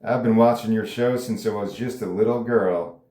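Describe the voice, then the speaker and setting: A man's voice: lowish voice, steady tone, moderate pace, dark tone, close to an everyday voice. A man reading a brash, combative female conservative pundit in a script table read, with snide delivery. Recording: roomy echo.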